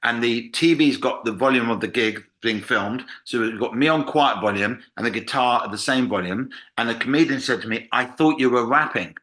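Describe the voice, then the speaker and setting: A man's voice: mid-range voice, a little fast, hardly any pauses. An English man, a comedian, chatting casually on a podcast and acting out quotes as he tells stories. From England. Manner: animated storyteller, acts out quotes. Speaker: comedian guest.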